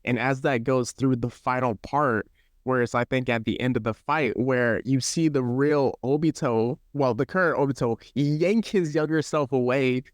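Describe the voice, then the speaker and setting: A man's voice: mid-range voice, moderate pace, no echo. Podcast guy hyped about an anime fight, chuckles a lot, mid voice, dry mic. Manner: enthusiastic, chuckles, short agreeing replies. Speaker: podcast co-host. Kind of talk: casual anime discussion.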